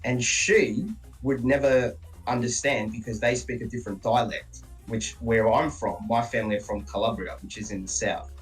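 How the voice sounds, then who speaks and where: A man from Australia chatting casually as a guest on a game stream, telling animated stories and mimicking his relatives. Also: mid-range voice, moderate pace, far from the mic, faint music behind, poor audio. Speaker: guest player.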